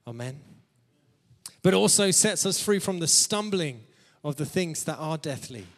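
Male preacher, higher-pitched, sermon delivery, laughs between phrases, church hall reverb. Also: lively intonation, a little slow. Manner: calls out amen to the congregation.

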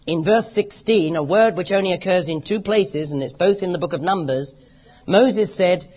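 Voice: mid-range voice, normal speed, breathy edge. British accent, preacher, sermon, impassioned, repetitive emphasis, muffled lo-fi recording. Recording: dull lo-fi recording.

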